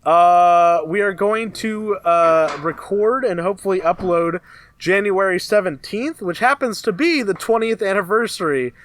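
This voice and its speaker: A man's voice: high voice, measured pace, fairly bright tone. A man co-hosting a casual podcast, announcing plans in a loose, laughing way. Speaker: podcast co-host. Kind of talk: casual chat.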